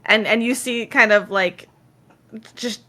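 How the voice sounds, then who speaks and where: A young woman narrating as game master, soft and halting, often dropping to a hush. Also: on the high side.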